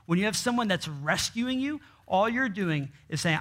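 Guy preaching a sermon, slightly high voice, keeps asking the crowd questions and answering them himself. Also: animated, normal speed, few pauses, a bit bright. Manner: asks the congregation rhetorical questions and answers them; reads scripture aloud, with many restarts. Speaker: pastor.

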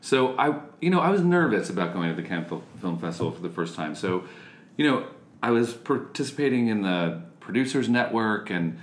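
A man's voice: lowish voice, big pitch swings, a little fast, roomy sound. A man in casual chat, rambling with many fillers and laughing along. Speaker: conversation participant.

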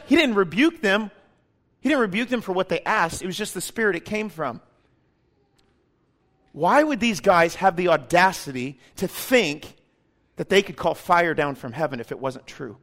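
High-voiced man preaching a sermon. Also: lively intonation, normal speed. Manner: swings from loud and emphatic to hushed and intimate; acts out quoted voices in a casual, joking way. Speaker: pastor.

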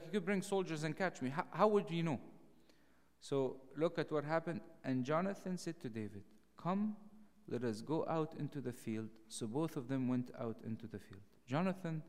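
A clergyman teaching a Bible study sermon, acting out the dialogue with a raised, animated voice. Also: fairly high pitch, normal speed. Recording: long hall reverb.

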